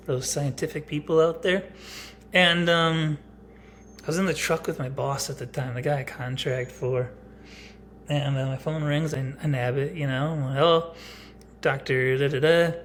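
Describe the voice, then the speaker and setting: A man in his thirties talks straight to the camera in a casual personal vlog, rambling and blunt, with lots of filler words. His voice is fairly high, and there's a little hiss or hum.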